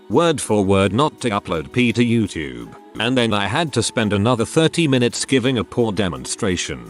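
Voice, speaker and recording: A man narrating online anecdotes in a steady, scripted storytelling delivery. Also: on the low side. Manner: reads first-person anecdotes aloud in a steady storytelling delivery.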